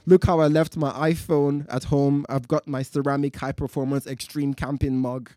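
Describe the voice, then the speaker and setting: A man playing a panicked young hiker chased by a bear, shrieking and pleading in a high voice before a live tent audience. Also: little pitch movement, normal speed, mellow, no room sound, natural voice. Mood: cocky. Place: night-time festival marquee.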